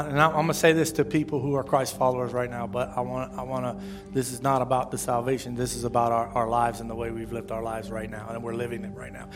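Man, pastor, sermon, casual preaching, stammered restarts, sudden loud rises. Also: medium pitch.

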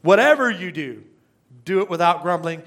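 A man's voice: high-pitched, lively intonation, normal speed, fairly bright tone. A middle-aged man preaching a sermon as pastor, emphatic, repeating phrases and asking the congregation rhetorical questions.

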